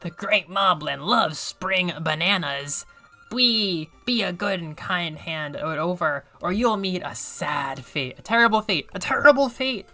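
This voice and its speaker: A woman puts on a greedy moblin monster, a bullying brute who demands his due with theatrical menace. The voice swoops widely and sounds bright and edgy, like a video game villain read aloud for fun. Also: on the low side, expressive, a little slow, faint music behind, exaggerated voice. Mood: demanding.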